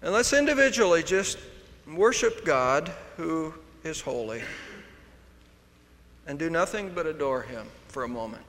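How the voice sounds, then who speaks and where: Pastor preaching, kinda high voice, gets quiet then loud and emphatic, big echoey church hall. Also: male voice, lively intonation, unhurried, slight background noise. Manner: emphatic, swinging from hushed to loud. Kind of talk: sermon. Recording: long hall reverb.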